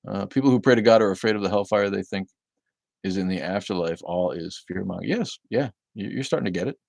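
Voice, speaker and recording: A man's voice: sits low, fast talker, vocal fry, darkish tone, no room sound. A middle-aged man hosting a livestream, chatting casually with viewers and rambling profanely between their comments. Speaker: livestream host reading viewer chat.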